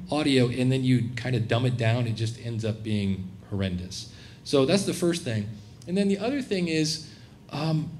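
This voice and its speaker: A man's voice: medium pitch, a little hiss or hum. A middle-aged man presenting at a conference, talking casually to a live audience and acting out quoted voices. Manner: animated, acts out quoted voices. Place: conference room, live session.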